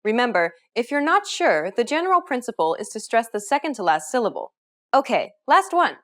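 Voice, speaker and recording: Woman teacher reading a lesson script, bit high voice, really animated. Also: a little fast. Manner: clear, instructive. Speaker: language teacher. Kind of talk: scripted narration.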